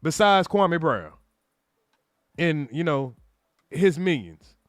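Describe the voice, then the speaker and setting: High voiced guy w/ aave roasting a clip live for his chat, sarcastic, dry close mic. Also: big pitch swings, slow, dry recording. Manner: mocking, sarcastic, mimics apologies in exaggerated voices. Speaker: streamer reacting to a clip. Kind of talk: livestream reaction commentary.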